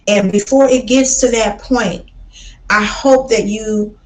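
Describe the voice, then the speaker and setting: Woman from Chicago, livestream host, blunt and preachy, mid pitch, roomy echo. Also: steady tone, slow pace. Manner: blunt, preachy, says baby a lot. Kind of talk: casual livestream talk.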